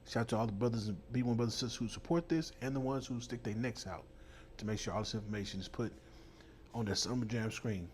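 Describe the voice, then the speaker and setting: A man's voice: mid-range voice, fast, a little hiss or hum. A man hosting a heated commentary, talking bluntly and mockingly with plenty of profanity. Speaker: host.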